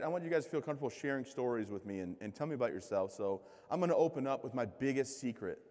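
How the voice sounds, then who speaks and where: A man in his thirties from Michigan, giving a comic, self-mocking keynote speech with lively crowd banter. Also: medium pitch. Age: 30s. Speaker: keynote speaker. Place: large conference hall. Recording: long hall reverb.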